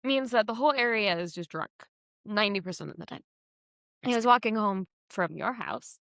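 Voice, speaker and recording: A woman's voice: mid-range voice, expressive, moderate pace, vocal fry, a bit bright, no room sound. A young woman co-hosting a casual chat podcast, reacting with dry teasing remarks and telling her own stories. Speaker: podcast co-host.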